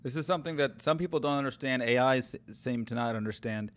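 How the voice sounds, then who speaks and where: A man's voice: mid-range voice, quick pace, fairly bright tone. A man streaming as he tests AI story tools, chatting casually and thinking aloud with many fillers and restarts. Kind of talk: casual chat.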